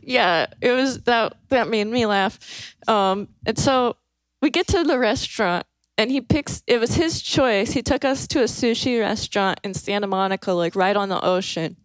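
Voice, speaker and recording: A woman's voice: a little high, moderate pace, clear, resonant tone, no echo. A young woman telling a story in a casual, amused way, full of fillers and little laughs, on a close mic. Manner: laid-back and amused, with lots of fillers and laughs. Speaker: podcast guest telling a story.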